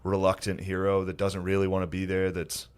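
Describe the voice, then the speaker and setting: A man's voice: sits low, monotone, fairly quick, darkish tone, clean tone. A man hosting a casual comedy podcast, rambling with lots of "like" and "dude". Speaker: podcast host.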